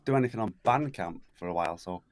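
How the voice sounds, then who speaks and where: A man's voice: low voice, animated, fast talker, dry recording. A man who is a musician and podcast guest, talking hesitantly with many fillers and laughing easily. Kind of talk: casual chat.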